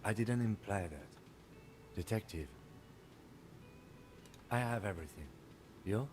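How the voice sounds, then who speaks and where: A dry, reserved detective partner. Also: male voice, fairly low pitch, animated, measured pace, background noise.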